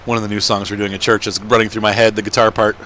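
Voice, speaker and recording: A man's voice: on the low side, flat delivery, very fast, fairly bright tone, a little hiss or hum. A man chatting casually as he plays a farming game at home, rambling and laughing often. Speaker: let's-play gamer. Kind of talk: casual gameplay commentary.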